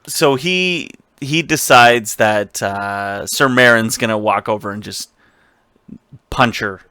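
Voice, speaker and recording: Casting: bright, tense-voiced man, casual podcast co-host, rambling and profane, dry close mic. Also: on the low side, slow pace, clean tone, no echo. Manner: rambling, swearing, laughs often. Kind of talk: casual recap chat.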